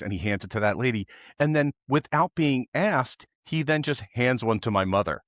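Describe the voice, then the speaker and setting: A man co-hosting a casual podcast, expressive and quick to laugh, acting out what others said. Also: medium pitch, no room sound, lo-fi sound. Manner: expressive, laughs often, acts out quotes. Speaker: podcast co-host.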